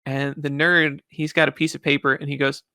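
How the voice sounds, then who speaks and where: A man hosting a podcast, telling animated stories and laughing often. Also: fairly high pitch, fairly quick, clear, resonant tone, no room sound, studio quality. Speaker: podcast host. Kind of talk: casual chat.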